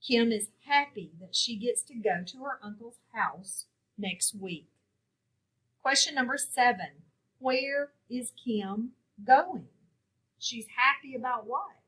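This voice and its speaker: A woman teaching a phonics lesson, walking through a worksheet and sounding out each word clearly and patiently. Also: fairly high pitch, lively intonation, measured pace, sharp tone, poor audio. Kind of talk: classroom lesson walkthrough.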